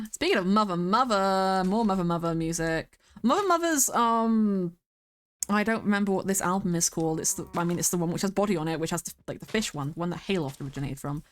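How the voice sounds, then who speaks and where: A woman's voice: medium pitch, expressive, a little fast. A young British woman streaming a game, chatting casually, rambling and giggling as she talks. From Britain. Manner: sings along to music at times.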